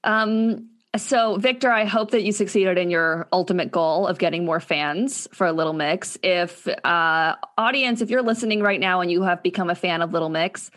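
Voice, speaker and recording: A woman hosting a casual podcast, talking quickly and steering the segments. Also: on the low side, fairly bright tone. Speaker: podcast host.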